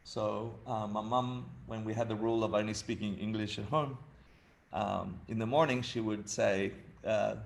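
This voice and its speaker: A man's voice: fairly low pitch, fairly even intonation, moderate pace, creaky. A man in his fifties from Argentina giving a humorous dharma talk, telling family stories with frequent laughter. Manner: laughing, storytelling, chatty. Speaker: dharma teacher.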